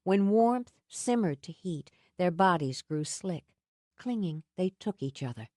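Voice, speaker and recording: Romance audiobook narrator: a woman, soft and intimate, warm lower voice, dry studio. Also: expressive, unhurried, no room sound. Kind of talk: scripted narration.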